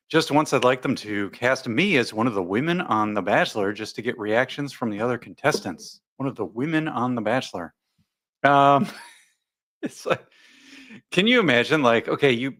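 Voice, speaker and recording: A man's voice: medium pitch, a bit bright. A man hosting a casual live stream, reading out viewer comments and rambling with frequent laughs. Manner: chatty, rambling, laughs often. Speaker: livestream host.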